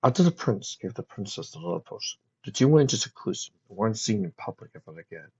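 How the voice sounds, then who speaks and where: A woman voicing a calm, protective father pony in a storybook reading. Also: very deep voice, husky, dull audio, full character voice. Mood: solemn. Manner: soft, soothing, measured.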